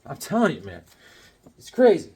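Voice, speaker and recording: A man from Connecticut casually chatting about his comic books, rambling along and telling deadpan tall tales with jokes between them. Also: on the high side, normal speed, slightly rough. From Connecticut, USA. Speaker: comic book vlogger.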